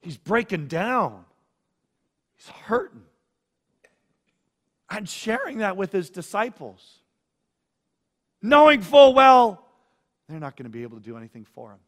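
A man's voice: sits high, wildly swooping pitch, a little slow, long pauses, fairly bright tone, in a large hall. A man preaching a sermon as a pastor, earnest, acting out the feelings of the people he quotes.

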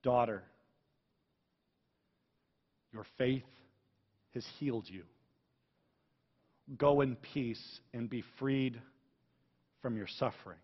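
A man voicing Jesus speaking gently and softly to a healed woman. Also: slow, pauses often. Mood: tender. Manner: soft, low, gentle. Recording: echoey hall, dull sound.

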